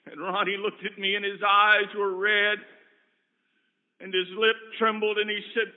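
Male preacher with a high voice, earnest camp-meeting storyteller, thin lo-fi tape. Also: flat delivery, a little slow. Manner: earnest anecdotes that swing from loud to hushed. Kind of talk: storytelling sermon. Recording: tinny phone-like recording.

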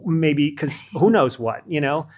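A man's voice: on the high side, unhurried. A man speaking as a guest in a conversational podcast interview, telling stories with energy and filling his speech with "like" and "you know.". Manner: lively storyteller acting out quoted lines; frequent fillers like "like" and "you know". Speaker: podcast guest, leadership coach.

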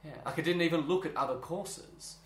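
A man, a drama teacher, chatting as an interview guest. He tells stories in an animated way, laughs often and restarts his sentences. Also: a little high, fairly quick. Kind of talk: casual interview chat. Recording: roomy echo.

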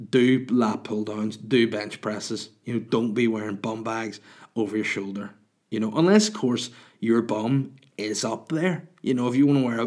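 A man in his thirties, a podcast host, telling a rambling, crude, self-mocking story in casual monologue. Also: mid-range voice.

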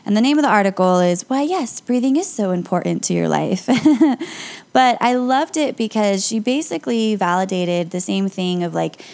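A young woman, a yoga instructor and podcast host, talks listeners through calm breathing exercises in a casual, encouraging way. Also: mid-range voice, clear, resonant tone. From Las Vegas area. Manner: calm, upbeat and encouraging, with light laughs.

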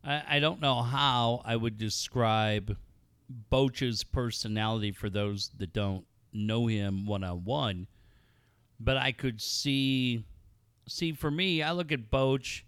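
A middle-aged man hosting a casual sports talk show, telling a story and acting out the quotes loudly, swearing freely. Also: mid-range voice, slow, clear, resonant tone, dry recording. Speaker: radio host.

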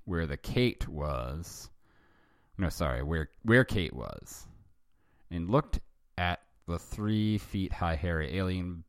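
A man's voice: sits low, no room sound, clean studio sound. A man hosting a fanfiction reading, narrating with wry, self-interrupting asides. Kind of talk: comic dramatic reading with asides.

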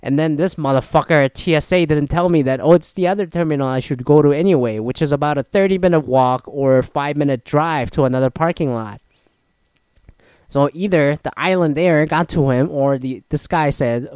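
A man's voice: fairly high pitch, a little fast, clear, resonant tone, no room sound. A man casually telling a travel mishap story, swearing often and acting out what other people said. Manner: profane, exasperated, acts out other people's lines.

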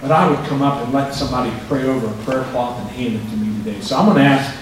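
A man's voice: medium pitch, fast, background noise. A male pastor preaching a sermon, telling folksy stories between scripture readings, heard from a distance in a church with the congregation answering. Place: church sanctuary. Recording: echoey church from far off. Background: congregation responses.

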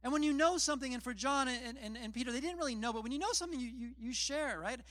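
A man's voice: extremely high pitch, fast, fairly bright tone, dry recording, clean studio sound. A man preaching a casual sermon, retelling scripture in plain, chatty storytelling with self-deprecating asides. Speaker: pastor.

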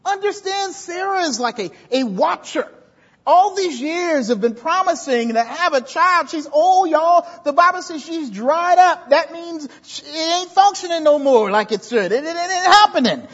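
A woman preaching a sermon in a church, talking in an animated, conversational way and often repeating words as she builds a point. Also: very high-pitched, moderate pace. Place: church sanctuary. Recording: dull echoey church hall recording.

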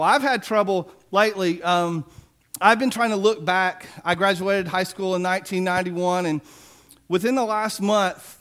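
A man's voice: high voice, a bit bright. A man in his forties preaching a sermon, telling stories in a conversational way with self-deprecating humor. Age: 40s. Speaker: pastor.

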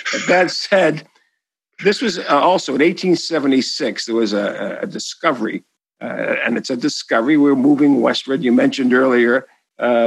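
A man's voice: mid-range voice, gravelly, husky, dry recording, low-quality recording. A man with a Boston accent, an author answering an interview question in a rambling, enthusiastic way full of asides and restarts.

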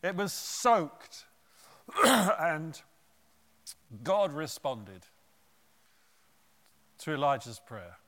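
A man preaching a sermon, retelling a Bible story in an animated way with conversational asides. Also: fairly high pitch, drawn-out words, pauses often, big-room sound.

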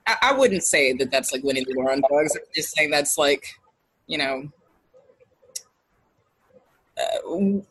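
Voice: medium pitch, animated, a little slow, pauses often, a bit bright, husky, no room sound, rough recording. A guest from Texas telling stories in casual chat, easygoing, with lots of "like".

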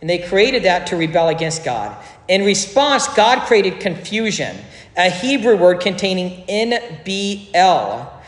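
A pastor delivering a sermon, explaining scripture in a conversational way with joking asides. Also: medium pitch. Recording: echoey hall with long reverb.

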